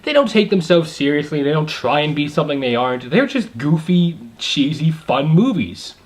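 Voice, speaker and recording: A young adult man giving a casual video movie review, excited and rambling, with many asides and fillers. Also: a little high, normal speed.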